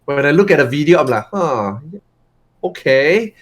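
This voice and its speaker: A man's voice: on the high side, rapid-fire. A man appearing as a guest on a casual podcast, telling stories and quoting other people. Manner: animated storytelling, quoting others.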